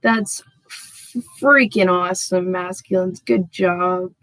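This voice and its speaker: Slow, dry-voiced woman card reader. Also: lowish voice, dry recording, rough recording. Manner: effusive, addresses viewers as y'all, peppers speech with "freaking"; gets excited and emphatic when revealing cards. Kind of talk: channeled card reading for viewers.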